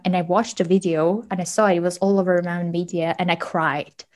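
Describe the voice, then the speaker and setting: A woman working in media, a guest telling animated stories with frequent laughs and fillers in a casual interview. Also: fairly low pitch, a little fast, few pauses, rough recording. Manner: animated storyteller, laughs often, many fillers.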